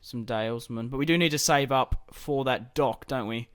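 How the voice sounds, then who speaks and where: A man talks through his strategy game in a loose, think-aloud way, his voice smooth and clear. The sound is dry and close, with no room around it. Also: mid-range voice, moderate pace, no room sound. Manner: casual, thinking aloud while playing. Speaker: gaming YouTuber.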